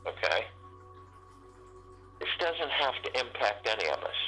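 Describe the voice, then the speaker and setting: A man hosting a group meditation call, giving a spiritual teaching talk in a halting, repetitive way that keeps circling back to key phrases. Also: mid-range voice, sing-song, sharp tone, low-quality recording. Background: faint meditation music.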